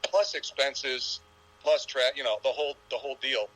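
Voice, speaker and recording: A man's voice: medium pitch, moderate pace, fairly bright tone, low-quality recording. A man in his sixties, a golfer guest in an interview, talking in a rambling, reflective storytelling way. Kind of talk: casual interview chat.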